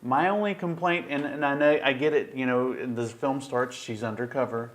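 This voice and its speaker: A man as a guest on a casual movie review chat, talking in an easygoing, agreeable way. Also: medium pitch. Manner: easygoing, agreeable, halting restarts.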